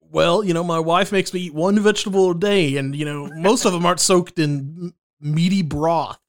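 Guy putting on a folksy cajun big dog, chill party animal, kinda high voice. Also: moderate pace, natural voice. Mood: easygoing. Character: laid-back talking big male party dog. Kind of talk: improvised comedy bit.

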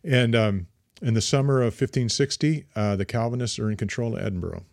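A man's voice: medium pitch, fairly quick, creaky, darkish tone, dry recording. Dry-voiced man rambling through history. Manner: rambling, many fillers and restarts. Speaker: podcast co-host. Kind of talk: casual history chat.

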